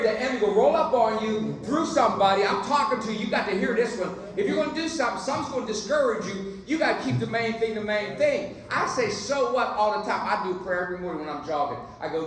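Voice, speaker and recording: A high-voiced man gives a keynote speech at a dinner. He is punchy and preachy, and he jokes with the crowd as he goads them on. His voice rings through a very echoey banquet hall, picked up by a distant mic with faint noise underneath. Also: a bit bright. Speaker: keynote speaker.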